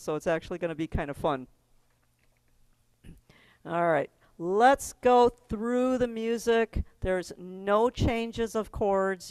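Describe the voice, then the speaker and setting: A woman's voice: mid-range voice, smooth, no echo. A middle-aged woman teaching a keyboard class, giving step-by-step instructions in a chatty way and laughing often.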